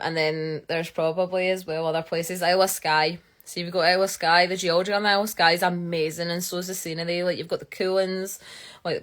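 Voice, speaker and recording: A woman's voice: lowish voice, a bit bright. A young Scottish woman, a geologist, chatting casually on a live stream, answering viewer questions in a rambling way with lots of fillers. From Scotland. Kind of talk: casual live-stream chat reading comments.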